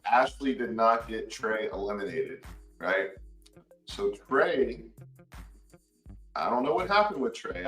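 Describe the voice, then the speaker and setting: Man, bright voice, fairly high, animated storyteller, roomy echo, slightly off-mic, faint music behind. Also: far from the mic. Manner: animated, acts out quotes with big pitch jumps. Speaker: podcast guest, former contestant. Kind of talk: casual storytelling.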